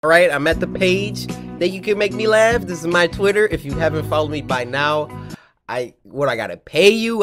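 A young man in his twenties talks through a video game in a loud, joking way. His pitch swings wildly and keeps cracking up into high squeaks. Game music plays clearly under his voice. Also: expressive, normal speed. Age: 20s. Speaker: gaming YouTuber. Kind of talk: let's play commentary.

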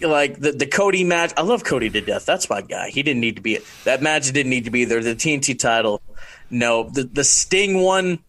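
A man's voice: medium pitch, lively intonation, moderate pace, fairly bright tone. A man co-hosting a casual podcast chat, laid-back and wry, laughing easily. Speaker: podcast co-host.

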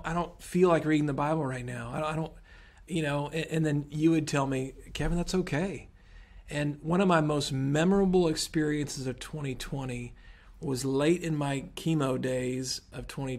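Male podcast host, mid-pitched, earnest and heartfelt, conversational interview delivery. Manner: earnest, openly emotional.

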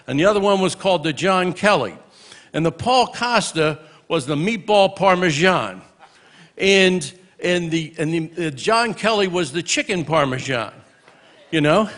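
Older man telling warm stories at a memorial. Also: a little high. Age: 60s. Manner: storytelling, punctuated with exclamations of praise. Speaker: minister giving a eulogy. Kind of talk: memorial tribute speech with humorous anecdotes. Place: church memorial service.

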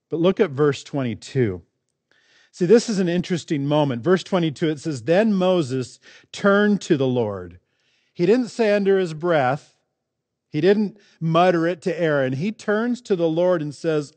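Pastor, male, fairly high voice, dry close sound; earnest preaching full of rhetorical questions. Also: animated, unhurried, a little mellow, no echo. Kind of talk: sermon.

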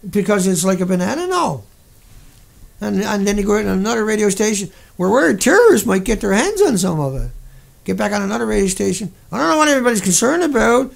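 A man's voice: sits high, creaky. A man hosting a livestream, ranting in an indignant, profane, rambling way. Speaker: livestream host. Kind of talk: angry livestream rant.

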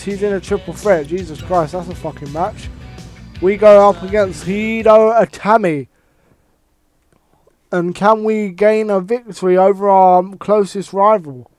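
A man commenting on his own wrestling game play, swearing and reacting loudly to every move. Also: high voice, dry recording. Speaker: gamer playing a wrestling game. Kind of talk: excited let's-play commentary.

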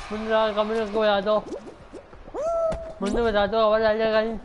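A man streaming a game, talking in halting, repetitive English mixed with Hindi. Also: high voice, completely flat delivery, music in the background, low-quality recording. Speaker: gaming streamer. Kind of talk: casual live-stream chat.

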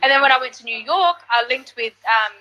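A woman singer telling stories in an animated, casual way during an interview. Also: sits high, a little fast, faint music behind, low-quality recording. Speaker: singer and guest artist.

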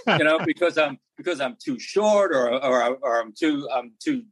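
Husky older man, wry storyteller. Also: on the high side, lively intonation, normal speed, fairly bright tone, dry recording, poor audio. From New York. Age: 70s. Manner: wry, self-mocking storyteller. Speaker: podcast guest. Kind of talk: casual chat.

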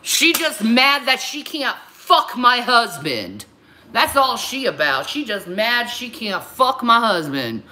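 Furious woman streamer, high animated voice, bright and sharp, swearing and repeating herself. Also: slow, slight background noise. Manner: profane, confrontational, repetitive. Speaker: livestreamer. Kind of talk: angry livestream rant.

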